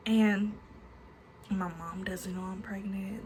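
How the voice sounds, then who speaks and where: A woman's voice: lowish voice, steady tone, unhurried, heavy background noise. A woman in her twenties telling a personal story to her vlog audience in a chatty way, swearing freely and filling her talk with "like". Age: 20s. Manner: chatty, swears freely, many filler likes. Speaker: storytime vlogger. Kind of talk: casual storytelling.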